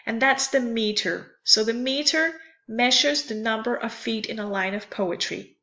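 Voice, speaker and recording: Woman, teacher, slow deliberate lecture, crisp bright voice, lo-fi dull recording. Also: a little high. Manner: careful, repeats and spells out terms.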